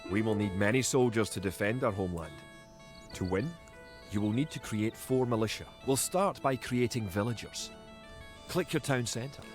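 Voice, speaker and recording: Guy doing a serious scottish game narrator, lowish voice, loud music under it. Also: moderate pace, natural voice. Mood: grave. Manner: solemn, instructive. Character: grave Scottish male tutorial narrator.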